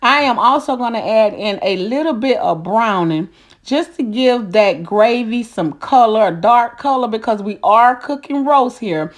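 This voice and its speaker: A woman's voice: a little high, animated, measured pace. A middle-aged woman hosting a casual cooking vlog, folksy and chatty, calling her viewers honey and baby. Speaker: cooking channel host.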